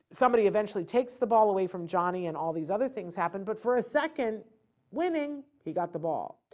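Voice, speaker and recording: A middle-aged woman hosts a live parenting talk. She explains with lively, animated energy and often slips into a child's thinking to show what the child wants. Her voice sits at a middle pitch for a woman. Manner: animated, acts out a child's thoughts and parental lectures. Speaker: host. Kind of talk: live webcast talk giving parenting advice.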